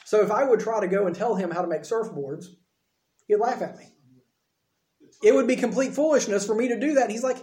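A man with a high, mellow voice preaches in a relaxed, conversational way, acting out lines of dialogue as he goes. The sound is roomy and echoey, like a church hall. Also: fairly quick. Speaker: pastor. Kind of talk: sermon.

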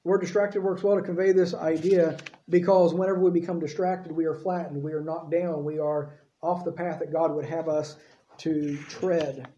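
A pastor with a fairly high, mellow voice preaches a sermon at a normal speed, keeping it relaxed and conversational and often checking in with his listeners. It sounds like a church sanctuary with a roomy echo, and the recording is dull and lo-fi.

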